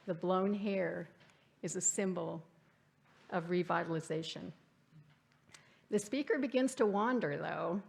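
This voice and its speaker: A woman with a lowish voice and vocal fry gives a reflective literary lecture at a church forum in a church hall. She reads passages and quotes aloud and poses questions to the audience.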